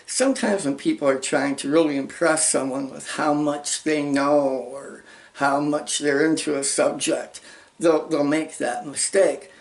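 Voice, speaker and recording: A man hosting a motivational self-help lesson, talking emphatically and acting out little example conversations. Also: a little high. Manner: emphatic, acts out example dialogue. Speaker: channel host teaching social skills.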